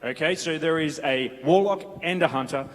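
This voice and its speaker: A man's voice: fairly high pitch, moderate pace. An Australian man co-hosting a convention panel, dryly explaining silly made-up game perks and laughing along. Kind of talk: comedic live panel banter. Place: convention hall stage. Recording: live hall with reverb and faint hiss.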